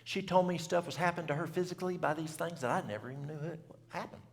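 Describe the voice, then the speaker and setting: In a reverberant church hall, a middle-aged man known as a health seminar speaker tells a story in simple, folksy country speech. His gravelly voice is fairly high and he talks quickly.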